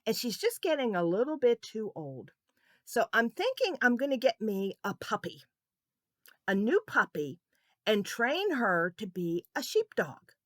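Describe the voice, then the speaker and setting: A woman doing a soft-spoken old grandpa. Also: fairly high pitch, sing-song, measured pace, no room sound, clean studio sound. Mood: calm. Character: gentle old grandfather, calm and patient.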